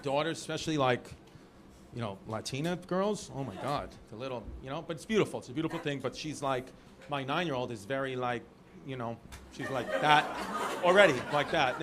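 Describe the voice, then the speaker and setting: A man with a New York accent doing stand-up crowd work in a comedy club, teasing people in the front row with loose, quick jabs. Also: a little high, noisy background. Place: comedy club stage with a live audience. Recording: loud laughing crowd in a club.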